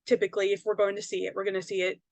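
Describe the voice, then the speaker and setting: A woman's voice: medium pitch, flat delivery, very fast, vocal fry, a little mellow, dry recording. A woman, a psychic medium and author, telling a personal story in a casual, rambling way, full of fillers and tag questions.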